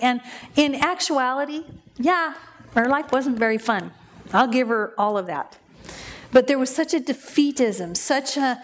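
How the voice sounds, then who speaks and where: Lively woman telling a story. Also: on the high side, unhurried, pauses often. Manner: lively, humorous, acts out the voices. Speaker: inner healing minister. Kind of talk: storytelling talk.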